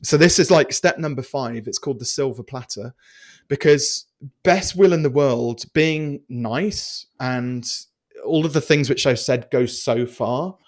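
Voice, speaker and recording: A man's voice: medium pitch, a little slow. Chatty man telling a story. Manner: animated, chatty storyteller with many restarts and fillers. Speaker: podcast guest. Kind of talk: casual storytelling interview.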